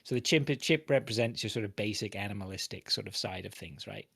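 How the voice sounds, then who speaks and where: A man's voice: on the low side, fairly quick, vocal fry, a bit bright, breathy edge. A man co-hosting a gaming podcast, explaining things casually with hedges and "right?" checks. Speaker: podcast co-host. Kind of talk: casual chat.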